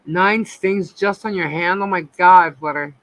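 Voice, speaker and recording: A talkative woman co-hosts a relaxed live chat with a bright, forward tone. She tells stories about her animals and plays out their voices. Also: on the low side, measured pace, low-quality recording. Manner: chatty storyteller, acts out her pets. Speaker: co-host.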